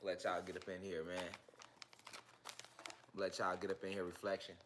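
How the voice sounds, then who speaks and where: A man's voice: low-pitched, little pitch movement, moderate pace, fairly bright tone, a little hiss or hum. A man teaching a casual livestream class on spiritual topics, talking in slangy, repetitive, emphatic street speech.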